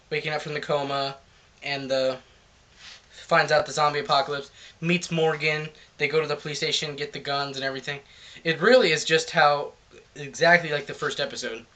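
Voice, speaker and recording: A man's voice: on the high side, bright, forceful tone. A man reviewing a comic book in casual chat, rambling loosely through the plot.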